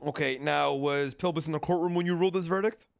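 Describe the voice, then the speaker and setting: A man's voice: a little high, fast, gravelly, smooth, no echo. A man playing a pushy lawyer in role-play court, arguing with theatrical objections.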